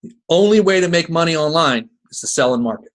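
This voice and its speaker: A man's voice: a little high, lively intonation, fast. A man from New Jersey with a Jersey accent, hosting a call in a folksy, rambling way full of restarts and asides. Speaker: host of a crypto marketing call. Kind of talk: casual rambling pitch.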